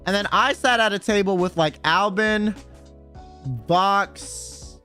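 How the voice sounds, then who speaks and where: A man's voice: sits high, slow, sharp tone, faint music behind. A young man streaming, telling a story in casual chat, swearing, laughing and saying bro a lot. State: sore throat.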